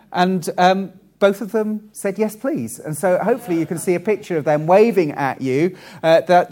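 A man from Wales preaching a friendly sermon with frequent ums and pauses. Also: fairly high pitch, darkish tone. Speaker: pastor.

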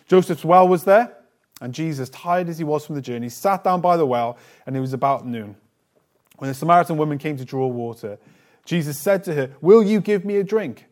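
A man delivering a sermon in a slightly higher-pitched voice. He reads scripture aloud and then unpacks it in a conversational tone with the odd light aside, and his phrases often fall away softly at the end. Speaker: preacher. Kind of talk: sermon with Bible reading.

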